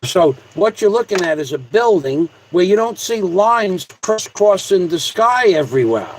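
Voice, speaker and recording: A man with a fairly high voice hosts a casual livestream. He rambles and jokes as he reads out viewer comments, throwing in repeated shout-outs. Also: big pitch swings, normal speed, a little hiss or hum, poor audio. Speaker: livestream host.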